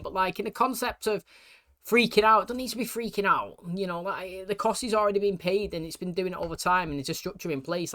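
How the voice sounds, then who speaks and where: A man's voice: high-pitched, bright, forceful tone. A man giving casual reaction commentary, chatty and rambling, often asking if you know what he means. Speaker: reaction video host.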